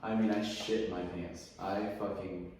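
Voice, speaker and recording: A low-pitched man spins a crude, profane story in casual podcast chat, bursting into loud acted-out quotes. He sits well back from the mic in a very echoey room, with faint noise underneath. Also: level tone, measured pace, recorded from a distance. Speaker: podcast guest.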